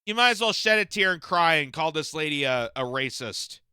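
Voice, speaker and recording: A man's voice: on the high side, expressive, a little fast, pushed and bright, clear, resonant tone, no room sound, clean studio sound. A man giving indignant, emphatic reaction commentary on a political interview clip.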